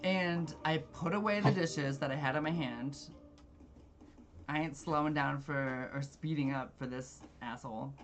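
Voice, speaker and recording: While playing a game, a speaker tells a long story in casual fashion, rambling, exasperated, and swearing freely. The voice is mid-range and a little slow.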